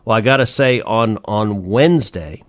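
Indignant, low-voiced male senator hosting a podcast. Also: normal speed, no echo. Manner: emphatic, indignant, repeats phrases for force. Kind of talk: political commentary podcast.

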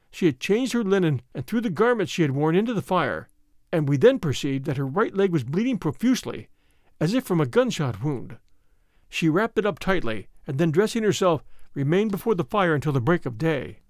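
Expressive high-voiced male storyteller. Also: no echo, clean studio sound. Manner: measured, dramatic storytelling. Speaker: audiobook narrator. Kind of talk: scripted first-person narration.

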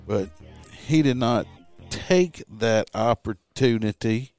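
Over soft background music on a dry recording, a former police officer in middle age slowly tells a profane podcast story in casual conversation. His pitch is medium, and he animatedly acts out each side of the dispute.

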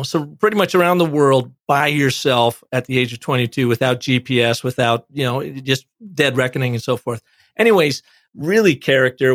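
Man, author guest, animated storyteller, mid pitch, dry close sound. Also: dry recording. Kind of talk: conversational storytelling.

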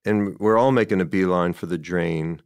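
A man with a low, smooth voice talks loosely and warmly about a movie he loves, circling back and quoting lines as he goes. The sound is close and dry, with no room around him. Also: normal speed, dry recording. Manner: rambling, enthusiastic, quotes dialogue in passing. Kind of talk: casual film discussion.

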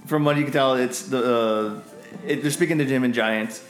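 A man's voice: medium pitch, normal speed, roomy sound, soft background music. A man narrating as game master in a casual, rambling way. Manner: casual, many fillers and restarts.

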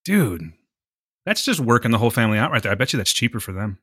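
A man hosting a podcast in casual chat, groggy from just waking up, quick and chatty. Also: mid-range voice, sing-song, a bit bright, slightly rough, dry recording, studio quality. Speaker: podcast host.

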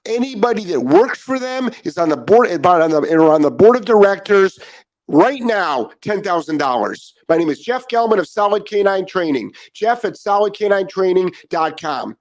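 A middle-aged man with a slightly high voice, hosting his own live dog training show. He rants with heavy profanity, repeats himself for emphasis, and then turns to chatting casually with his viewers. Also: moderate pace. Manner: emphatic, profane, repetitive ranting; calmer chatty greeting of commenters. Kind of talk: ranting live stream monologue.

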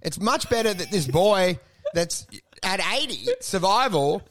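A man's voice: sits high, lively intonation, a little slow, fairly bright tone. A man co-hosting a podcast, rambling and mock-outraged in casual comedic banter, often laughing. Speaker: podcast co-host.

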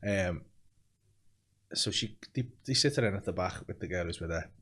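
A man's voice: low-pitched, lively intonation, normal speed, fairly bright tone, slight background noise. Male podcast host telling rambling stories. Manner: rambling anecdotes, laughs often, swears. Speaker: podcast host and comedy club compere. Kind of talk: casual podcast chat.

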